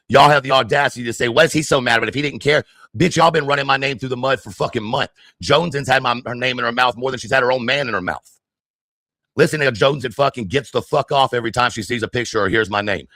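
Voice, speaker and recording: A man's voice: medium pitch, bright, forceful tone, no echo, clean studio sound. An angry man ranting on his livestream, heated, profane and confrontational.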